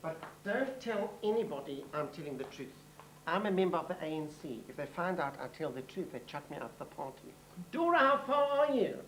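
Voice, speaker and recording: On a TV comedy, a male comic lead with a high-leaning, very animated voice plays a brash, gossipy, self-important middle-aged white Johannesburg woman with a South African accent. His brassy delivery is brisk and chattering, with background noise present.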